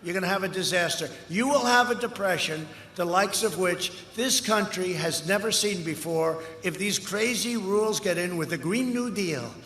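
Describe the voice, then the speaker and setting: An older man giving a campaign rally speech outdoors, boastful and rambling, with punchy repetitions, heard through a loudspeaker. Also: sits high, normal speed, hardly any pauses. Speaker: political candidate. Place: outdoor rally before a large crowd. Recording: echoey outdoor PA with crowd noise.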